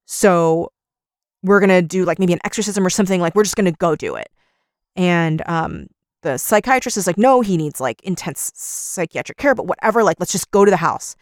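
A woman co-hosting a podcast, recounting a story in an easy conversational way. Her voice sits a little low, and the recording is close and dry, with no room sound. She keeps slipping into quoted lines as she tells it. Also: expressive, brisk, dry recording. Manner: retells scenes by acting out quotes with "he's like". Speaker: podcast co-host. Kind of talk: casual chat, retelling a story.

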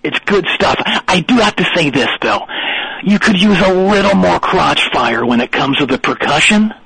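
A man voicing a boastful, filthy-mouthed thirteen-year-old boy drummer calling in to a comedy radio show, given to shrill yelling. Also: animated, normal speed, gravelly, slightly rough, exaggerated voice, rough recording. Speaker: caller. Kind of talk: comedy phone call bit.

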